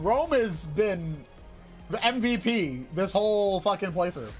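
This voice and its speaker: Lively woman reading a game aloud. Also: medium pitch, unhurried, soft background music. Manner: expressive, swears casually, reacts loudly.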